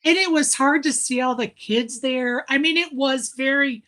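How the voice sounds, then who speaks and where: A woman's voice: high-pitched, normal speed, bright, forceful tone. A woman telling a story in casual chat, laughing often as she talks. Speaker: live stream co-host.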